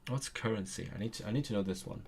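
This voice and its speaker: A man streaming his language self-study, thinking aloud in a hesitant way with many pauses. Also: lowish voice, gravelly, a little mellow, slight background noise.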